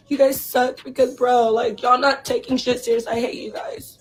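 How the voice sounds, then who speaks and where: A young woman performer, crying and hoarse, ranting profanely and in distress straight at her livestream viewers. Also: high-pitched, big pitch swings, drawn-out words, long pauses, soft background music, rough recording. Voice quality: husky. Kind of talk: emotional livestream rant.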